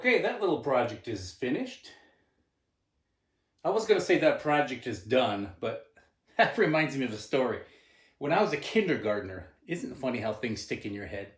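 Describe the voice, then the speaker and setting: A man's voice: mid-range voice, normal speed, roomy sound. A man in his thirties, hosting his own channel, talking casually to the camera while he works inside an unfinished cabin. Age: 30s. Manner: relaxed, chatty, explains steps plainly. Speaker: host of a cabin-building channel.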